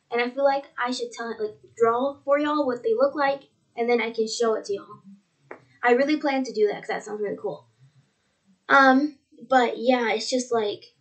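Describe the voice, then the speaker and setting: A woman's voice: fairly high pitch, poor audio. A young woman telling her dream to viewers in a casual, rambling way, repeating herself and using many fillers. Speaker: vlogger.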